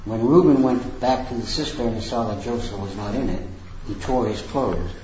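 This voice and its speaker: Man reading scripture aloud, measured. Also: mid-range voice, darkish tone, a little hiss or hum. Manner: measured, careful reading with small slips. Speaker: scripture reader. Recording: echoey, dull lo-fi room recording.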